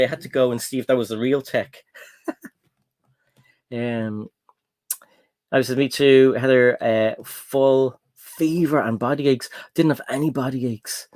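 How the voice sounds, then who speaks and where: A man's voice: mid-range voice, dry recording, studio quality. An Irish man hosting a livestream, chatting casually and reading out viewer comments with plenty of ums. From Ireland. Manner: rambling, chatty, full of ums and laughs. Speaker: livestream host.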